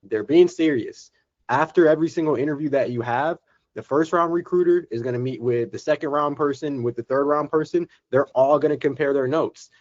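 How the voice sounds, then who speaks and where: A man's voice: a little high, fairly quick, lo-fi sound. A man casually giving earnest interview advice on a coaching call.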